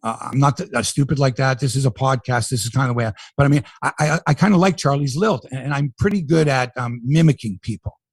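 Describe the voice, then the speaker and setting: A middle-aged man hosting a sports podcast, talking in an animated, profane, ranting way. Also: medium pitch, quick pace, few pauses, dry recording, clean studio sound. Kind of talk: casual sports talk.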